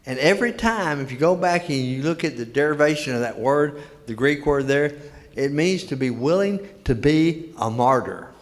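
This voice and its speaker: Preaching in a church sanctuary, an older man uses folksy storytelling and emphatic repetition of key words. His voice sits on the high side at normal speed, with the long reverb of a church hall.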